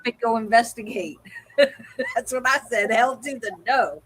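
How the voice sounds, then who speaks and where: A woman's voice: a little high, unhurried, a bit bright, slightly rough, rough recording. A woman co-hosting a livestream, telling a story in casual chat and acting out the people she quotes. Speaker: co-host of a livestream hangout.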